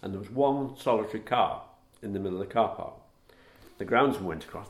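A middle-aged man, a former footballer, recalling anecdotes in a relaxed interview, chuckling at his own stories. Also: fairly low pitch, a little fast. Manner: warm storyteller, chuckles at his own tales.

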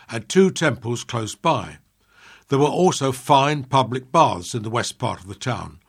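A man reads a local history piece he wrote, keeping a steady, measured pace. His voice has a slightly husky edge and a middling pitch. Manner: measured, steady reading with small slips. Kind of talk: reading a prepared history piece.

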